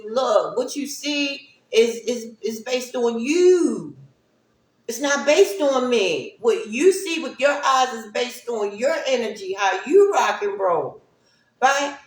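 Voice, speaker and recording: Slow, rambling woman in an echoey room. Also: sits high. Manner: rambling, keeps asking "right?". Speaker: spiritual talk streamer. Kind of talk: casual spiritual monologue.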